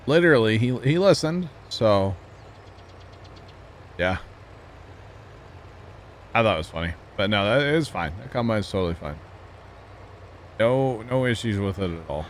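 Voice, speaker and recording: A man's voice: fairly low pitch, animated, slow pace, pauses often, a little hiss or hum. A man streaming a farming game live, chatting casually and easygoing with his chat and fellow players. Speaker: livestreamer.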